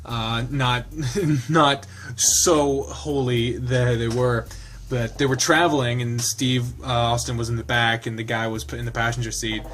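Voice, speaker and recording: A man's voice: mid-range voice, little pitch movement, measured pace, a bit bright, slight background noise. A man reading a visual novel aloud, mixing the narration with casual, laughing asides and the odd swear.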